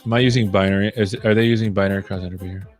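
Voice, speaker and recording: A man's voice: low-pitched, fairly even intonation, rapid-fire, faint music behind. A man hosting a live coding stream, explaining as he thinks aloud and often checking in with "right?". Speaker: livestream coding host.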